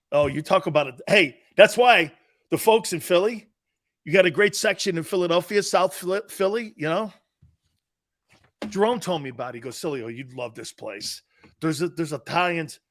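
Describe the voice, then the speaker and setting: A middle-aged man hosting a sports talk show, telling stories loudly, laughing often and acting out what his friends and family said. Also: a little high. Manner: loud, laughing, excitable, acts out quotes from friends and family. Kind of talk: animated storytelling on a sports show.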